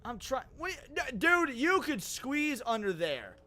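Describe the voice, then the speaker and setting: A male streamer giving casual gaming commentary, excitable and frustrated, swearing and bantering with his chat. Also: extremely high pitch, measured pace.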